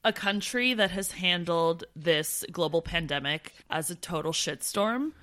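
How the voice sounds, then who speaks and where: A woman co-hosting a travel podcast in casual chat, animated and loose, swearing now and then. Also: lowish voice, measured pace. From Canada. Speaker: podcast co-host.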